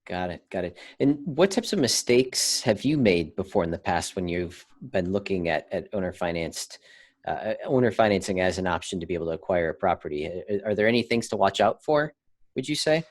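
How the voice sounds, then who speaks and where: A man's voice: deep voice, lively intonation, brisk. A man hosting a podcast interview, asking meandering questions with short affirmations. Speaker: podcast host.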